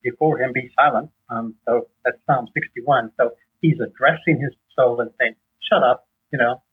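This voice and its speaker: A man with a husky voice, a guest in an interview, teaching on faith in a conversational way and animatedly acting out dialogue. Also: moderate pace. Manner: animated storyteller, acts out dialogue with rising pitch. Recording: tinny phone-line sound.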